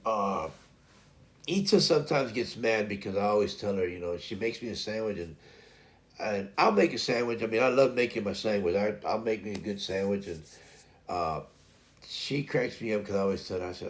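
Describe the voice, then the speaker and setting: A man's voice: fairly low pitch, animated, moderate pace. A man in his fifties hosting a live stream, chatting casually in a folksy, meandering way with lots of fillers and restarts. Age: 50s. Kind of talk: rambling casual chat.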